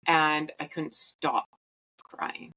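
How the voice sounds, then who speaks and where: Low, bright-toned woman telling her story. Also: measured pace, slight background noise, poor audio. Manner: candid, wry and emotional, with quoted asides. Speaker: podcast host. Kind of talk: personal storytelling monologue.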